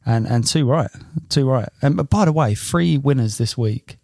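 A man's voice: medium pitch, moderate pace, gravelly, a little mellow, no echo, clean studio sound. A man co-hosting a casual golf podcast, enthusiastic and slangy with frequent ums. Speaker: podcast co-host.

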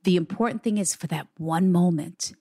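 A woman's voice: lowish voice, normal speed, warm tone, slightly rough, dry recording, clean studio sound. A woman working as a psychic medium, giving an earnest, reassuring reading in conversation. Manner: earnest, reassuring, relays quotes in a raised voice.

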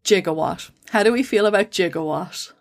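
A woman's voice: medium pitch, normal speed, vocal fry. A woman co-hosting a casual podcast, explaining science at length with fillers and restarts. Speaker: podcast co-host.

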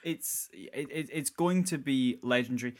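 A man's voice: mid-range voice, moderate pace. A man hosting a music podcast in casual chat, brash and swearing freely. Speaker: podcast host.

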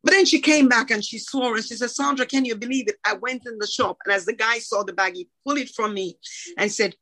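A woman's voice: fairly high pitch, a little fast, low-quality recording. A middle-aged woman who owns a shop, telling her story in an interview and acting out the conversations. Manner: animated, acts out dialogue. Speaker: shop owner.

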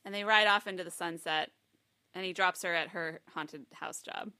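Bright-voiced woman telling a comic tale. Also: on the low side, moderate pace, dry recording. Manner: animated, laughing narration with restarts. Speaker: podcast co-host. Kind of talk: improvised comedic storytelling.

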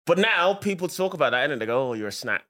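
A man's voice: on the high side, sing-song, quick pace, sharp tone. A man with a Birmingham accent co-hosting a comedy podcast, teasing his co-host in casual banter and laughing often. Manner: teasing, laughs often, playful put-on voices.

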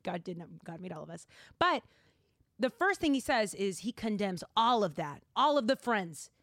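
A woman's voice: medium pitch, very animated, moderate pace, fairly bright tone, no echo, clean studio sound. A young woman hosting a podcast, chatty and giggly, filling her talk with "like". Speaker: podcast host. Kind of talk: casual chat.

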